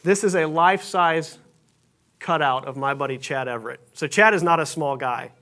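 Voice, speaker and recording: Higher-voiced man preaching a sermon. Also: normal speed, pushed and bright. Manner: conversational, self-deprecating storytelling with frequent restarts. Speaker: pastor. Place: church sanctuary stage.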